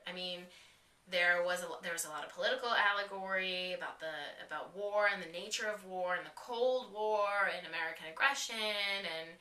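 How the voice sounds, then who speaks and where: A woman giving a casual, excitable TV episode review, full of slang and swearing, acting out the characters' lines. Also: mid-range voice, normal speed. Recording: roomy echo, mic a bit distant.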